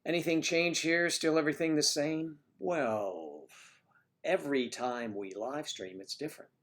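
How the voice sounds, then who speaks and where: An older man hosts a casual livestream and chats with viewers in a relaxed back-and-forth. His talk is wry and self-mocking. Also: fairly high pitch, a little slow. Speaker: livestream host. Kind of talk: casual chat with live viewers. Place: home in Florida.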